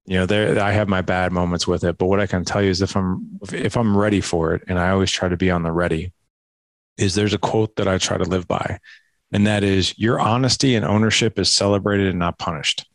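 A man guest on a podcast, telling parenting stories in an animated way and acting out talks with his kids, with a lot of "like" and "right?". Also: low voice, a little fast, no echo. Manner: animated storytelling, acts out dialogue with his kids; filler-heavy, frequent "like" and "right?". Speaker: podcast guest, dad coach. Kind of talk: conversational interview.

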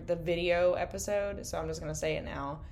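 Young woman, podcast co-host, lowish voice, candid rambling chat, swears freely, slightly worn voice. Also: fairly even intonation, a little fast, darkish tone, a little hiss or hum. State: losing her voice. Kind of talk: casual late-night chat. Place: indoor room, in person.

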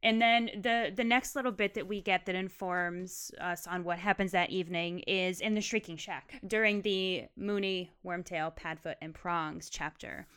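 Animated, analytical woman podcast host. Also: on the low side, moderate pace, hardly any pauses, clean tone. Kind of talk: casual discussion, reading excerpts.

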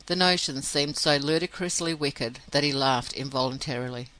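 A man narrating an audiobook in a steady, measured reading. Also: mid-range voice, rough recording. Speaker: audiobook reader.

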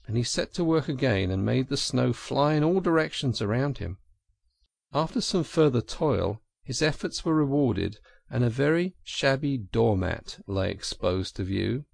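A man narrating a classic storybook in an expressive, animated reading. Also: medium pitch, a little slow, gravelly, dry recording. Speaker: audiobook narrator.

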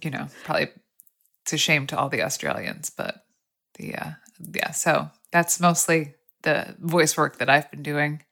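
A woman with a low voice talks easily on a podcast, pausing on fillers and poking fun at herself. Her delivery is loose and conversational. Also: gravelly, fairly bright tone. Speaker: podcast guest, mother of a baby. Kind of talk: casual podcast chat.

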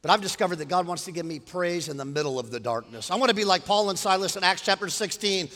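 A man in his fifties preaching a sermon, animated, moving between quiet storytelling and loud preaching. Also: high-pitched, quick pace, in a large hall. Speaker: pastor.

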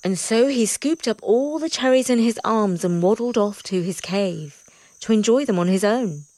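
A woman's voice: medium pitch, animated, normal speed, darkish tone, no room sound. Woman reading a children's story expressively.

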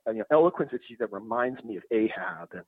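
Husky man on a tinny line. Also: medium pitch, expressive, fast talker, no room sound. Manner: thoughtful, hesitant, many restarts. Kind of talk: casual conversation. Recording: dry tinny phone-like sound.

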